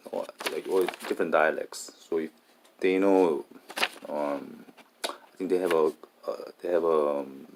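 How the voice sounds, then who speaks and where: A man in a casual monologue, talking haltingly and often restarting and repeating his words. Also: low-pitched, background noise.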